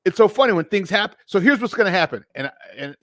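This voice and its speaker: A middle-aged man hosting a live sports talk stream, animated and emphatic, repeating his points and greeting viewers by name. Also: high voice, quick pace, no room sound, studio quality. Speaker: sports talk show host.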